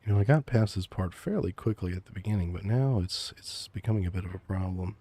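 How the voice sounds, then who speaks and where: Male streamer, very low mellow voice, whispered role-play, teasing and calmly menacing, close mic. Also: fast, husky. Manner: soft, teasing, mock-menacing calm. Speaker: VTuber streamer.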